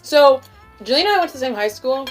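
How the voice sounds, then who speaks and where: A woman's voice: high voice, expressive, fast, faint music behind. A young woman hosting a casual chat with a friend, rambling with lots of fillers and frequent giggles. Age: young adult. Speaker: channel host. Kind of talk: casual chat during a stoned mukbang.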